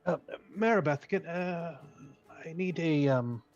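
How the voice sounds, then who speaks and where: A man's voice: fairly high pitch, a little slow, darkish tone, faint music behind. A man playing his character in a tabletop game, stammering and hesitant as he speaks. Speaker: player. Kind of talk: in-character role-play. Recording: muffled, distant mic.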